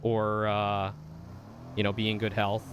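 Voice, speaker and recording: A man's voice: lowish voice, monotone, measured pace, slight background noise. A man streaming a video game, chatting casually with viewers in a rambling way and often swearing when the game gets heated. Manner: chatty, rambling asides with many fillers. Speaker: vtuber streamer. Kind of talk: casual gaming stream chat.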